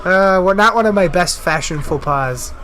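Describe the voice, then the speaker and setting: A man's voice: high-pitched, lively intonation, moderate pace, a bit bright. A middle-aged man telling profane, joking stories in a casual podcast chat. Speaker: wrestler.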